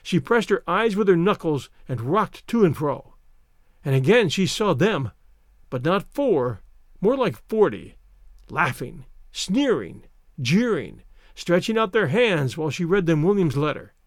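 Man, reading a story aloud, expressive, lively melody, fairly high voice, dry close recording. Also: unhurried, no room sound. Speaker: reader. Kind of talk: scripted narration.

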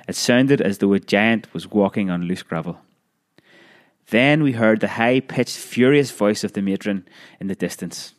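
A man reading a childhood memoir aloud in a measured storytelling manner, with occasional small restarts. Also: fairly low pitch. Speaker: narrator.

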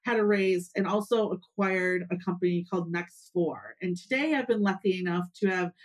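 A woman's voice: lowish voice, normal speed. A woman hosting a podcast, talking in an upbeat, chatty way with frequent ums and uhs. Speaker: podcast host. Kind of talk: casual promotional chat and interviewing.

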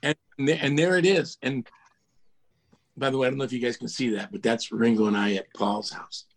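An older man, a guest on a video call, telling animated stories and mimicking the voices of people in them. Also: mid-range voice, brisk. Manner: animated storyteller, mimics voices, laughs at himself. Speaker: guest, music producer. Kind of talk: casual storytelling interview.

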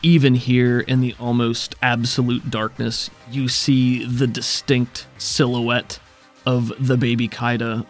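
A man narrates a tabletop adventure as its game master, painting dark caves and creatures in a steady voice. His pitch sits in the middle of the range, and faint music plays underneath. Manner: descriptive, steady storytelling with quick rules asides.

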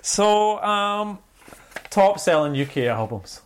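A man's voice: high-pitched, sing-song, slow pace, a little hiss or hum. A man co-hosting a podcast in casual chat, teasing his co-host and reading out a chart countdown. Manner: laughing, teasing, reads out chart list.

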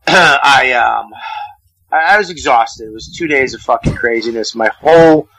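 Bright, profane comedian telling a story. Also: male voice, mid-range voice, a little slow, dry recording, rough recording. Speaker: comedian guest. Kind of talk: casual radio chat and storytelling. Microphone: phone call-in.

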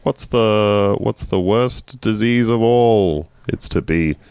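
A man's voice: lowish voice, slow, a little mellow, clear, resonant tone, no room sound. A man co-hosting a casual comedy podcast, dropping sarcastic asides while reading out facts. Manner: wry, playful, reads facts with sarcastic asides. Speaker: podcast co-host.

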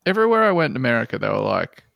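A man's voice: mid-range voice, big pitch swings, very fast, creaky, fairly bright tone, dry recording, clean studio sound. A man co-hosting a comedy podcast, reading a listener post aloud and mocking it with plenty of swearing. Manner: sarcastic, mocking, swears a lot.

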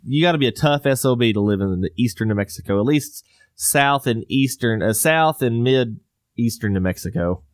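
A man's voice: medium pitch, lively intonation, moderate pace, no echo, clean studio sound. A middle-aged man hosts a podcast, telling a rambling story and laughing often. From Southwest US. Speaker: podcast host. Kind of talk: casual chat.

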